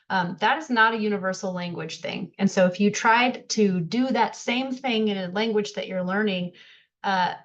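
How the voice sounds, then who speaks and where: A woman's voice: on the low side, lo-fi sound. A woman leading an online workshop over a video call, speaking in a friendly, conversational way with frequent fillers. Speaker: workshop presenter.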